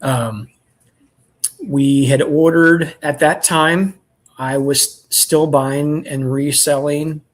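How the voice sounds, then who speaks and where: A man who keeps bees, telling a story in relaxed, rambling chat and clearing his throat often. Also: a little high, drawn-out words. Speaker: beekeeper selling nucleus colonies.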